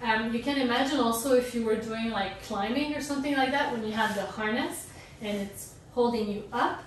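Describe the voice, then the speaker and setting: A young woman teaching an online dance workshop, coaching core exercises in a relaxed, chatty way with little jokes. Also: on the high side, moderate pace, a little hiss or hum. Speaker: dance instructor. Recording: roomy echo, distant from the mic.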